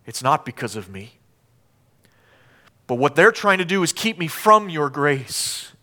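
A man preaching a sermon as pastor, emphatic, swinging between loud declarations and hushed lines. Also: on the high side, sing-song, measured pace.

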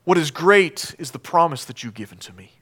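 A man preaching a sermon as pastor, emphatic, swinging between loud declarations and hushed lines. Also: a little high, animated, fairly quick.

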